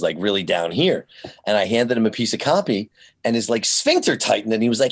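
A man who works in voiceover, a guest on a remote call, telling stories in an animated way and slipping into voices. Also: fairly low pitch, quick pace, breathy edge, no echo. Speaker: voiceover artist, interview guest. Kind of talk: casual interview chat. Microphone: remote call connection.

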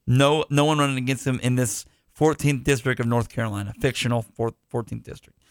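A man's voice: mid-range voice, steady tone, a little fast, smooth, dry recording, clean studio sound. A man hosting a podcast in casual chat, rambling with restarts and side jokes. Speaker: podcast host.

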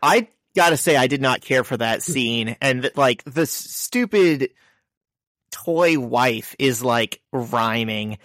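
A man's voice: mid-range voice, slow pace, a bit bright, no echo. Young guy cohost, mid voice, blunt and a bit skeptical, dead dry sound. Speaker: podcast co-host. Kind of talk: casual chat.

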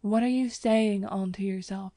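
A woman's voice: medium pitch, steady tone, normal speed, dark tone, no room sound, clean studio sound, lightly acted. A woman reading an earnest young man.

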